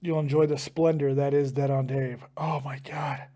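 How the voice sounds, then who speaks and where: A man's voice: medium pitch, flat delivery, normal speed, mellow. A man hosting a live stream, groaning and swearing while his mouth burns from a hot pepper.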